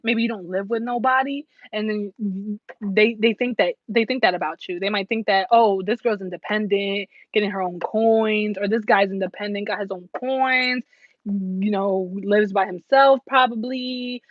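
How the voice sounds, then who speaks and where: A woman's voice: mid-range voice, dry recording, lo-fi sound. A young woman giving a casual tarot reading, blunt and profane, laughing and acting out little scenes. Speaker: tarot reader.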